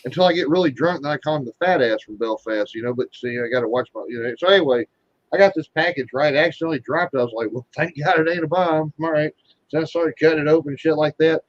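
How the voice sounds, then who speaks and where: A man's voice: fairly high pitch, quick pace, dry recording. A man in casual chat, rambling and swearing constantly as he tells stories. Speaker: guest being interviewed. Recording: dull, dry lo-fi sound.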